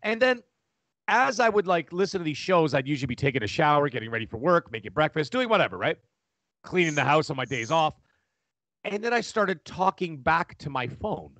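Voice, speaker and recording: Loud, animated man telling a story. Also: on the high side, brisk, dry recording. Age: middle-aged. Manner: animated, talks loudly with many restarts and laughs. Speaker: podcast guest. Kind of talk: casual storytelling on a podcast. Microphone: studio microphone.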